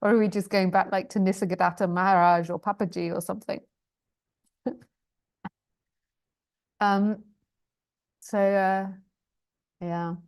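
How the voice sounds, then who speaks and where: On a live stream, a woman spiritual teacher reads viewer questions in a clear, resonant, mid-range voice. Her delivery is flat and a little slow, with frequent pauses. She's chatty and self-deprecating, often laughing and stumbling over long sentences.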